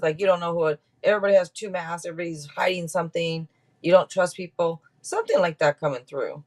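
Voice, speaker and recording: A woman's voice: on the low side, fairly even intonation, fast, darkish tone. Chatty woman reading tarot on a live stream. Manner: chatty, laughs often, talks straight to viewers. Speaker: tarot reader.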